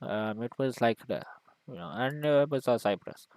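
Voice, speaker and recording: A man giving a mock lecture in a video, rambling and hesitant, full of fillers, deadpan, with broken grammar. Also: mid-range voice, normal speed, dry recording, rough recording. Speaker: video maker.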